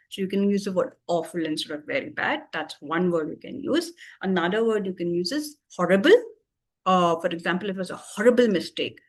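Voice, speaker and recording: A woman tutor patiently explaining English vocabulary with everyday examples, pausing often with fillers. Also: lowish voice.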